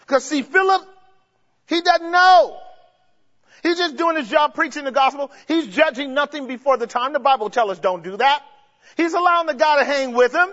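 A man preaching a sermon, emphatic, swinging between shouts and low murmurs and asking the congregation rhetorical questions. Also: moderate pace. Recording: dull sound with long hall reverb.

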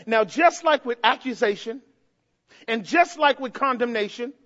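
A male pastor with a very high, bright and forceful voice. He preaches with fervor, dropping to quiet asides and then climbing to shouts. The recording sounds dull and lo-fi. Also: expressive, normal speed. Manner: impassioned preaching that swings from soft asides to shouting. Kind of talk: sermon.

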